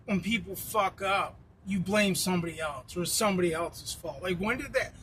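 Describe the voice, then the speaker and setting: A man's voice: high-pitched, fairly quick, low-quality recording. A man ranting bluntly and profanely while driving, rambling from one point to the next. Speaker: vlogger. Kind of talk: casual rant while driving. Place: inside a car on the road. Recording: loud road and engine noise.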